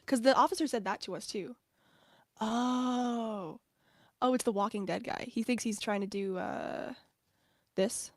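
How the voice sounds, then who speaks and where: A woman from the United States hosts her live stream in a casual, chatty way, laughing often and jumping between asides. Her voice sits a little high. The sound is close and dry. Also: unhurried, long pauses, no room sound. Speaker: streamer host.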